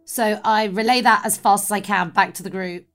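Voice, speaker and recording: A woman playing a tabletop game, chatty and quick, often restarting her sentences. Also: mid-range voice, steady tone, fairly bright tone. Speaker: player. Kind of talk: casual tabletop play.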